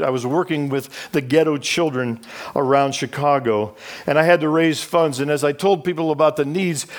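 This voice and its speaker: A middle-aged man, a charity president, giving an earnest, emotional personal talk that slows down on heavy moments. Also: on the high side. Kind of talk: personal storytelling speech.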